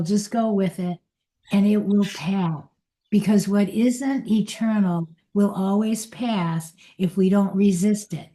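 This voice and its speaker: An older woman giving an inspirational spiritual talk in a gentle, unhurried and reflective way. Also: mid-range voice. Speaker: spiritual teacher.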